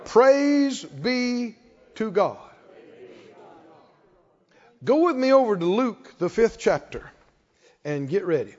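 High-voiced preacher in a reverberant hall. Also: male voice, sing-song, slow pace, pauses often. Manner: call-and-response preaching, rising to emphatic shouts. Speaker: pastor. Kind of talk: sermon. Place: church sanctuary. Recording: reverberant hall, dull lo-fi sound.

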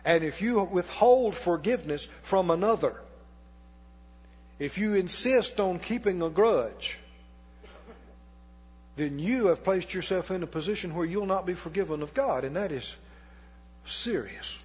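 In church, a pastor delivers a sermon in a high-pitched, somewhat husky voice with a darkish tone, drawing the congregation into folksy call-and-response. He's expressive and unhurried, pausing often, while the dull, lo-fi recording carries a long hall reverb after each line.

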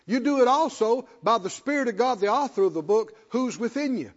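A man's voice: high-pitched, expressive, normal speed. A man preaching a sermon as pastor in a church, emphatic, repeating phrases for stress and putting questions to the congregation. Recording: dull lo-fi sound with long hall reverb.

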